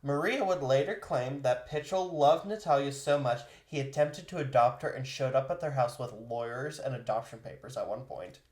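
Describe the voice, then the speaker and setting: A man co-hosting a podcast who tells a life story in easy, conversational chat. His voice sits at a middle pitch. It carries a roomy echo. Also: normal speed, few pauses, a little mellow. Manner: laughs easily, recounts history conversationally. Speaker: podcast co-host.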